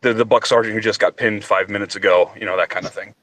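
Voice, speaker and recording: Wry, dry-voiced Army sergeant. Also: male voice, on the low side, quick pace, no room sound. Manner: wry, deadpan, profane. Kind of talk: casual storytelling chat.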